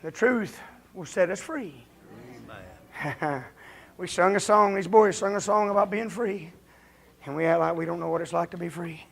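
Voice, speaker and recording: A man preaching a folksy, confrontational revival sermon as a visiting preacher in a church, building up to shouting. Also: high voice, normal speed, creaky, pauses often. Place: church during a revival service.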